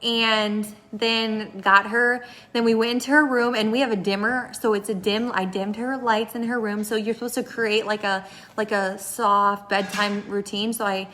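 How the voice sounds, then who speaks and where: A woman's voice: on the high side, bright, forceful tone, a little hiss or hum. A young woman chatting casually in a vlog, rambling with many restarts and fillers as she talks about her baby's bedtime. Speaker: mom vlogger.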